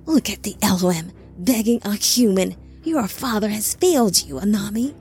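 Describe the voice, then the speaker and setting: A woman voicing a scorched, monstrous fallen male creature who taunts in a slow, rasping voice. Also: medium pitch, lively intonation, a little mellow, faint music behind. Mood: mocking.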